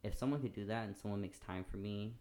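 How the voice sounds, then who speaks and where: Brief: very low-pitched guest, earnest and reflective, casual chat. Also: male voice, fast, dark tone. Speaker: podcast guest.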